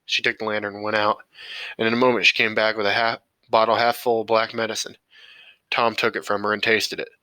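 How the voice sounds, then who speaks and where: Bright-voiced man reading an audiobook. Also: fairly low pitch, flat delivery, brisk, dry recording, low-quality recording. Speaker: audiobook reader. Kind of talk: audiobook narration.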